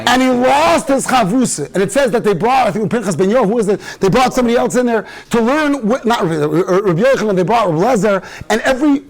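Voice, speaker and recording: High-voiced rabbi storytelling. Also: male voice, animated, fast talker, hardly any pauses. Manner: storytelling, mixing Yiddish and Hebrew terms. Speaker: rabbi giving a talk. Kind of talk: informal Torah talk. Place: synagogue study hall.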